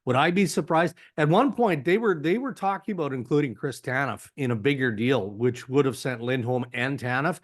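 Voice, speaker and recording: A man with a Canadian accent, a hockey insider guest on a podcast, speaking in a measured, analytical way with frequent "you know" fillers. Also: mid-range voice. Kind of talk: podcast interview.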